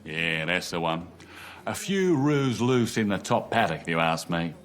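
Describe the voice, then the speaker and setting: Sitcom husband hamming up a loudmouth Aussie act; lower voice that swings widely. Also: male voice, very animated, normal speed, exaggerated voice. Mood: boastful. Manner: loud, boastful, full of slang. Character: husband putting on a bad loudmouth Australian act. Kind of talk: sitcom acting.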